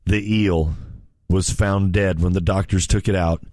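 A man's voice: low voice, unhurried, no echo. A man co-hosting a sports radio show, telling a silly news story in an irreverent, joking way. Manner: jokey, animated, does silly voices. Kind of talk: irreverent comedic chat. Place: radio studio.

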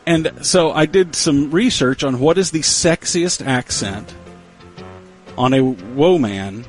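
A man's voice: a little high, lively intonation, takes it slowly, soft background music. A man hosting a casual radio show, chatting in a playful, joking way. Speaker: radio host.

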